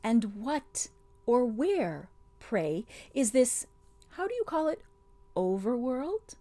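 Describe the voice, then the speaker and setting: A woman voicing a sweet-voiced witch queen who speaks softly, soothing and half-mocking. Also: fairly high pitch, sing-song, slow, no room sound, pitched above the performer's own voice. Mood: coaxing.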